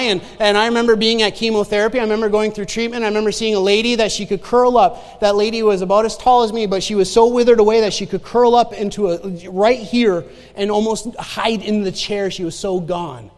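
A high-pitched male preacher delivers a sermon, telling a story from his own life. He drives home his points by repeating lines and calling out to the congregation. His voice rings with the long reverb of a church hall. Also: moderate pace. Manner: emphatic, repeats key phrases, asks the congregation "Amen?". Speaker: pastor. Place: church sanctuary.

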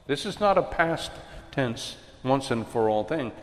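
A man's voice: mid-range voice, lively intonation, measured pace. Emphatic male preacher in a reverberant hall. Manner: emphatic, swings loud and soft while preaching. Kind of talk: sermon.

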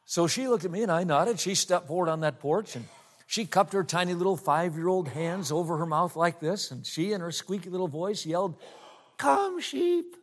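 A middle-aged man preaching, telling a personal story and slowing down to stress scripture lines. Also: high-pitched. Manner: storytelling, slows down for emphasis on scripture. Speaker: pastor.

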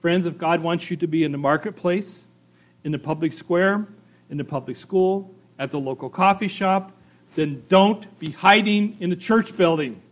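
A man's voice: high voice, moderate pace. A middle-aged male pastor preaching a sermon in a conversational way, reading scripture and often adding "right?" and "you know" as asides.

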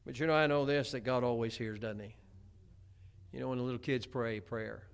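A man's voice: medium pitch, steady tone, brisk, gravelly, smooth. A middle-aged man preaching a homespun sermon, chatty, with many stammered restarts. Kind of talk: folksy sermon.

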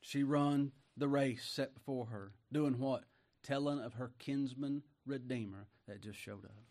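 A middle-aged man with a drawl delivers a homespun sermon. His voice sits at an ordinary mid pitch. He swings from ringing declamation to near-hushed asides. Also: steady tone, unhurried. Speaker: preacher.

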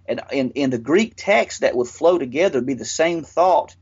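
Husky man explaining earnestly. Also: medium pitch, expressive, moderate pace, a little mellow. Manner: earnest, explanatory, with frequent restarts and filler. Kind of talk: casual explanatory discussion. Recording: dull lo-fi audio.

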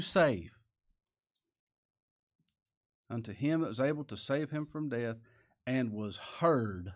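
A man's voice: medium pitch, animated, unhurried. A man preaching a sermon, reading scripture aloud and swinging into rising, emphatic lines. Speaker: pastor.

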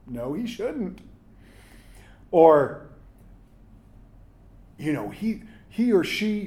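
A man preaching a casual, conversational sermon as pastor. He reads scripture, then talks to his listeners with frequent asides, quick jokes and "right?". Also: sits high, big pitch swings, warm tone.

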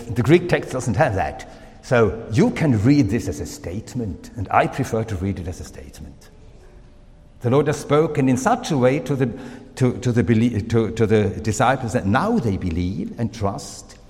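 A man with a German accent, a native German speaker, preaching a sermon in slow, deliberate phrases with pauses and fillers. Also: medium pitch, very animated, darkish tone, long reverb tail.

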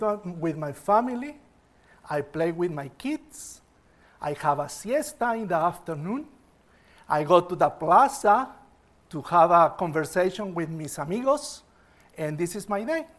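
An unhurried village fisherman, a man of simple words who keeps asking "then what?", as a preacher acts him out in a sermon story. The voice sits high and plain.

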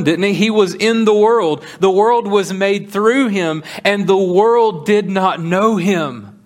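A pastor preaching a sermon, earnest, slowing down to stress key points and acting out the dialogue of scripture. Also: male voice, high voice. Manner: earnest preaching, slows for emphasis, acts out dialogue.

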